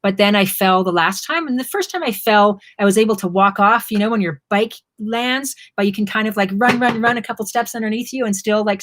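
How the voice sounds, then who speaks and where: Woman from canada, expressive storyteller, medium pitch, casual live-stream talk. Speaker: co-host, motorcycle traveller. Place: home during quarantine.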